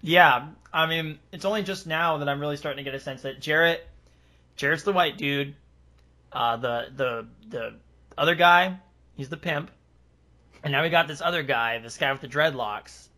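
Podcast guy reading a story out loud, laughing and swearing, bright slightly high voice. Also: normal speed. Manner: laughing, animated, swearing freely. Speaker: podcast co-host. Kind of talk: casual chat, reading a story aloud.

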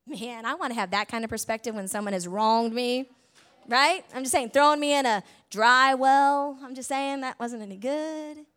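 A woman preaching a sermon, retelling a story in a conversational way, full of tag questions and big swings between loud and soft. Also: sits high, moderate pace, smooth.

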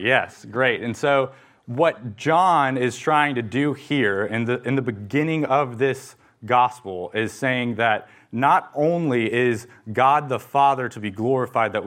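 A man's voice: medium pitch, fairly bright tone. Earnest man preaching a sermon. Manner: earnest, emphatic preaching with fillers and restarts. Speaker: pastor.

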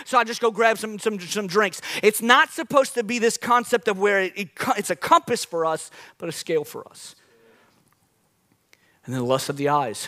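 A young male pastor with a high, bright voice delivers a sermon. He tells his stories in an animated way, with sudden loud bursts of energy. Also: normal speed.

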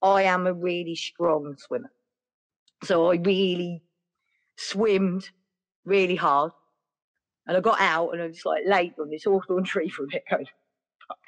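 A woman's voice: on the low side, fairly even intonation, measured pace, long pauses. A woman telling a personal story in a rambling, chatty way, full of "like" and "yeah". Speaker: podcast guest. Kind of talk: casual storytelling.

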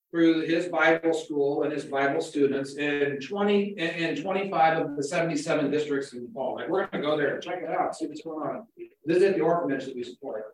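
Pastor, man, high voice, casual conversational preaching, restarts often, heard from a distance in a reverberant church hall. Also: fairly bright tone, a little hiss or hum. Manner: casual, repeats words as he goes. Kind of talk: conversational sermon.

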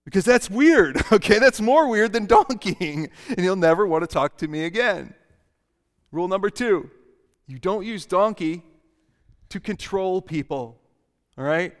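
A man's voice: high-pitched, animated, measured pace. A man preaching a sermon as pastor, playful and often laughing as he mimics people. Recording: long church hall reverb.

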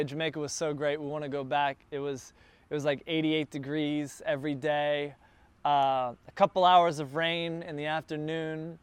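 A man telling a casual travel story, chatty and getting more excited as he goes. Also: a little high, clean tone, no room sound.

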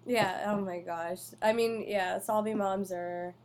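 A young woman chatting on a podcast, sitting a little back from her mic. She speaks easily and agreeably, with plenty of filler words. Her voice sits at an ordinary middle pitch. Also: fairly even intonation, a little slow, darkish tone. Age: young adult. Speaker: podcast co-host. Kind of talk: casual chat. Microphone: podcast mic set farther away.

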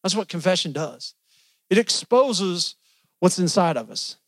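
A man's voice: sits high, expressive, a little slow, no room sound. A man preaching a sermon in a church, folksy and joking with the congregation.

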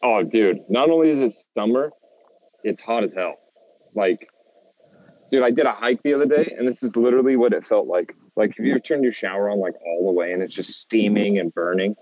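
A man's voice: on the low side, brisk, darkish tone, no room sound, dull audio. A young American man co-hosting a casual podcast, laid-back and saying "dude" a lot. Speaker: podcast co-host.

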